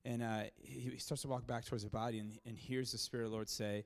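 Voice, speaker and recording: A pastor telling a story from the pulpit in a loose, rambling way, full of fillers and restarts. He speaks with a mid-range man's voice. He gets louder and more excited as the story builds. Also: medium pitch, fast talker, few pauses. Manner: grows louder and more excited at dramatic moments. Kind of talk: sermon storytelling.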